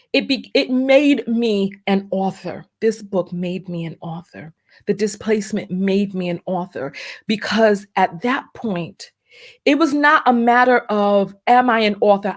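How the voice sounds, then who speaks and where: A middle-aged woman vlogger talking emotionally about her past business and her book, fighting back tears and repeating herself. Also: mid-range voice. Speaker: vlogger and entrepreneur. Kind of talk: emotional personal vlog.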